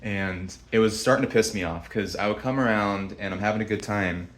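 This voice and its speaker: A man's voice: lowish voice, fairly quick, a bit bright. A young man telling a story to camera in a rambling, blunt, profane way with many restarts. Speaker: vlogger. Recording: echoey room.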